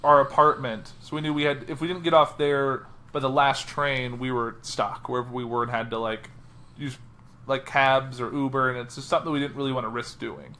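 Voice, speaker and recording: A man's voice: mid-range voice, a little fast. A young man co-hosting a podcast in casual chat, recounting a trip and acting out his own remarks. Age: young adult. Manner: animated, acts out what he said in the moment. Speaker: podcast co-host.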